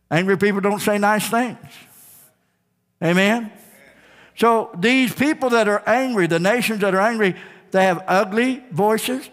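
A man preaches from the pulpit in a high, ringing voice, driving home his points with repetition and calls to the congregation. His sermon carries the long reverb of a church sanctuary. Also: a bit bright. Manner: emphatic preaching with call-and-response, repeated phrases. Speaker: pastor.

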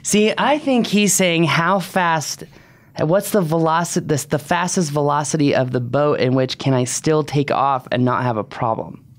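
A man's voice: a little high, moderate pace, no echo. A man co-hosting a podcast in casual banter, playful and jokey while explaining things loosely. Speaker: podcast co-host.

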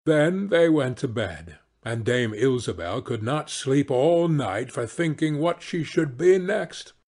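A male storyteller narrating a fairy tale for English learners in a slow, dramatic way. His voice is a bit breathy and husky, and his pitch moves a lot from line to line. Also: animated, darkish tone.

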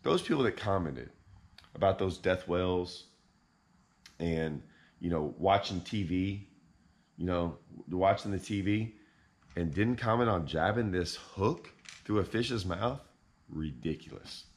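A man hosting a fishing channel, ranting in deadpan, mock-outraged irony and repeating himself. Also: low voice, a little slow, long pauses. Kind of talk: sarcastic vlog rant.

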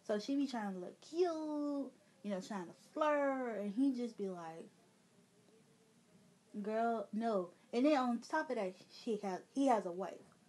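A woman's voice: on the high side, lively intonation, moderate pace, a little mellow. A woman with a Chicago accent, ranting casually and indignantly to her viewers, rambling with fillers. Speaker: gaming vlogger. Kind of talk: casual venting rant.

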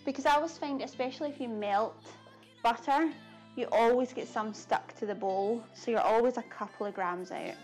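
A woman's voice: a little high, normal speed, darkish tone, soft background music. A Scottish woman chatting casually on a live cooking stream, laughing often and answering viewers' comments from her kitchen. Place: home kitchen.

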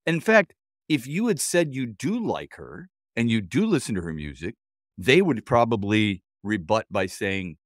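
A man's voice: on the low side, big pitch swings, unhurried, dry recording, clean studio sound. A man co-hosting a sports talk show, talking in an easygoing, conversational way. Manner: easygoing, conversational, repeats words when starting. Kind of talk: casual sports radio chat.

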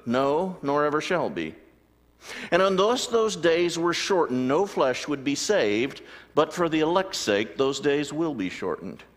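A man preaching a sermon as a pastor, animated storytelling with acted-out voices. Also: fairly high pitch, measured pace. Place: church sanctuary. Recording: long church reverb.

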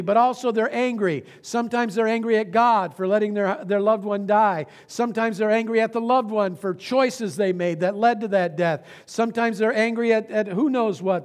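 Male pastor, higher register, earnest storytelling sermon in a church sanctuary. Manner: earnest storytelling preacher, slows for emphasis.

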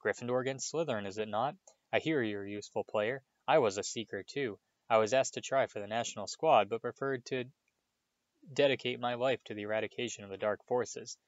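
A man voicing a vain, pompous wizard teacher who boasts and talks down with a showy warmth. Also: mid-range voice, fairly quick, dry recording, dull audio, natural voice. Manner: pompous, showy, self-satisfied.

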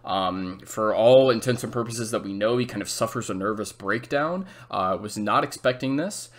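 Low-voiced man lecturing casually over a map. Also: moderate pace. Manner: filler-heavy, restarts, acts out quotes. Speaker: history teacher.

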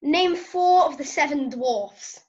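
A woman's voice: high-pitched, animated, slow pace, a little mellow, muffled recording. A woman hosting a casual interview, reading out questions in a chatty, giggly way. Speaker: host.

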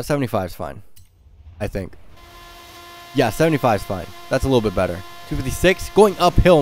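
Hyped man calling out racing speeds. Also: mid-range voice. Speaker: gaming YouTuber. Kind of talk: excited gameplay commentary.

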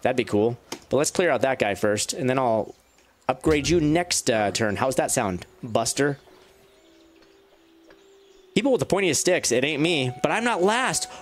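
A man giving casual, chatty commentary on his gameplay. He talks straight to the game's units and jumps up in pitch when he gets excited. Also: measured pace, long pauses. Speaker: let's play gamer.

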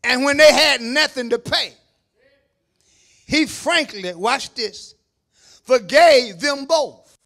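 A man preaching a sermon as pastor, shouting at the peaks and dropping into low asides to the congregation, calling on them to answer. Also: takes it slowly, long pauses. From Kentucky, USA. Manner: call-and-response preaching, calls on the congregation. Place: church sanctuary.

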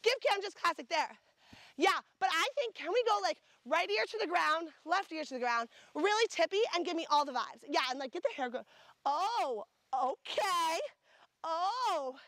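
A woman's voice: very high-pitched, lively intonation, normal speed, a bit bright, no room sound. A woman directing a photo shoot, bubbly and gushing with enthusiastic praise as she calls out poses. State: sucking on a throat lozenge.

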